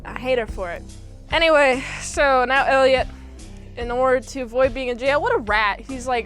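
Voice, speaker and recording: A woman's voice: sits high, moderate pace, fairly bright tone, soft background music. A young woman casually recapping a movie, rambling with lots of fillers and popping into goofy impressions of the characters. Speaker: movie reviewer.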